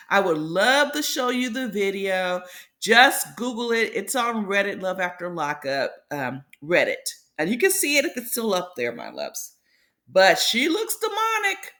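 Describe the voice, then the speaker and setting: Woman gossiping thru a reality show recap, voice bouncing all over, chatty n dramatic. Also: mid-range voice. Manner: chatty, animated storytelling, calls viewers "my loves". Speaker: reality TV commentary host. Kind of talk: casual recap commentary.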